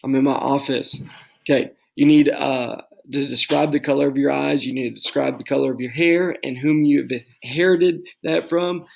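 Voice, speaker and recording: A young man from Texas records class instructions from his home office. His voice has a gravelly, fry-edged grain at a medium pitch, and his delivery is loose and casual, full of ums and check-in okays. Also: fairly even intonation, moderate pace, hardly any pauses, a little mellow, rough recording. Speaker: teacher.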